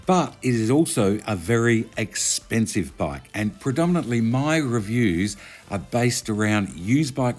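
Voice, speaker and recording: A man, chatting casually as he narrates a motorcycle review video. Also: lowish voice. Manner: chatty, conversational, self-correcting.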